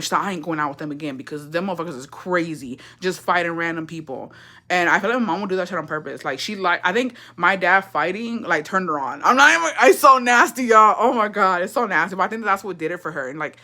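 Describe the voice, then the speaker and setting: A young woman from Texas telling family stories in a casual chat, animated and profane, acting out what people said. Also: on the low side. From Texas, USA. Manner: profane, animated, gossipy, acts out quotes. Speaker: storyteller.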